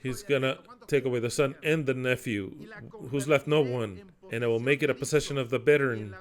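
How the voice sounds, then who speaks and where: A man delivering a sermon in an average-pitched voice. He declaims scripture forcefully, then drops into quiet, explanatory asides. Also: normal speed. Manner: emphatic, swings between loud declaiming and quiet asides. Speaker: preacher.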